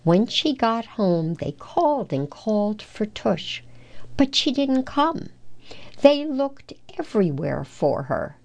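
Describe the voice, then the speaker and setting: A woman reading a children's storybook aloud in an unhurried, careful way. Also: fairly high pitch, big pitch swings, vocal fry, a little mellow. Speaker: storybook reader.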